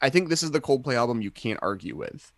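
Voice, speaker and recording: A man's voice: medium pitch, animated, fast, no echo. A young adult man co-hosting a casual podcast chat, rambling enthusiastically with many fillers and restarts. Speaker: podcast co-host.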